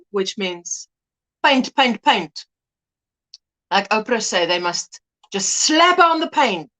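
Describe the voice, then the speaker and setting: A woman chats away on her livestream, greeting one viewer after another by name and laughing often. Her voice sits high and swoops up and down with bright expression, like a friendly host chatting from her home setup. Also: expressive, measured pace.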